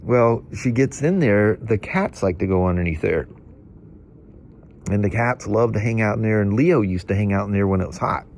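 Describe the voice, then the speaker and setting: A man's voice: on the low side, expressive, normal speed, darkish tone, a little hiss or hum. A middle-aged man vlogging, a stuffy-nosed storyteller with a chatty, folksy manner who rambles and laughs through his stories. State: congested from hay fever.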